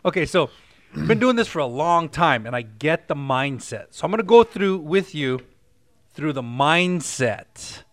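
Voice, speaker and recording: Animated high-voiced male host. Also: measured pace, dry recording. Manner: animated, checks in with listeners often. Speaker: podcast host, real estate coach. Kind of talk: casual storytelling chat.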